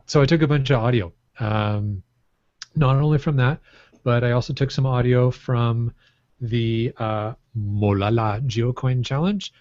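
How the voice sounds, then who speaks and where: A man's voice: medium pitch, darkish tone, dry recording. Rambling, jokey man co-hosting a podcast. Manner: rambling, jokey, laughs often. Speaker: podcast co-host. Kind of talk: casual chat. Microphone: microphone on a stand. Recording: muffled, dry podcast audio.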